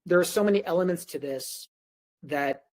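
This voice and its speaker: A man's voice: fairly high pitch, normal speed. A man talking casually as a podcast guest, telling a personal story and acting out what other people said. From Korea. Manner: animated storyteller who acts out quoted dialogue. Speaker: podcast guest, nutrition coach. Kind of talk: casual conversation.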